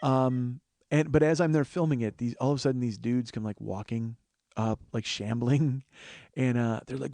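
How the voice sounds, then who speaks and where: A man's voice: medium pitch, fairly even intonation, normal speed, warm tone, no room sound. A man in his forties, host of his own show, telling a long story on his own in a wry, profane way, acting out the people he meets. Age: 40s. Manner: profane, wry, acts out other people's voices. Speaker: podcast host. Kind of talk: solo storytelling monologue.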